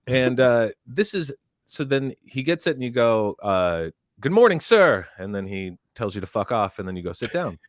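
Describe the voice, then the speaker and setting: A man on a podcast, telling a story in a casual, animated way, close to a studio mic. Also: mid-range voice, moderate pace, no room sound. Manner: animated, barks quoted drill lines. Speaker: podcast panelist.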